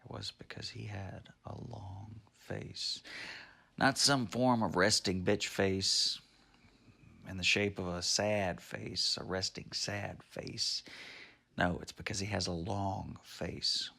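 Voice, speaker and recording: A man's voice: low-pitched, fairly even intonation, slow pace, creaky, sharp tone. A man telling a made-up joke story in a rambling, offhand way. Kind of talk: improvised story narration. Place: at home.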